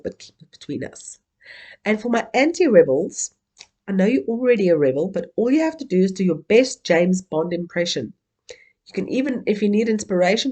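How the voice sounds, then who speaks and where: A South African woman gives an interactive keynote, playfully coaxing the audience to join in. Her voice is mid-range and mellow.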